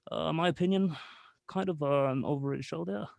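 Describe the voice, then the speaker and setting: Comic bit: man voicing a winded, raspy-edged, high-ish rambling late-night host who can't stop saying "okay.". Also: a little fast, a little mellow, no echo. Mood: singing. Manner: fills every phrase with "okay" and "here"; belts off-key song snippets. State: out of breath. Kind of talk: comedic character bit.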